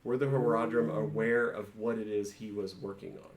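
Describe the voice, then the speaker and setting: A man's voice: lowish voice, steady tone, moderate pace. A man playing a tabletop game, explaining his character at length with frequent restarts. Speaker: player. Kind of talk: casual chat about a tabletop game. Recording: echoey room.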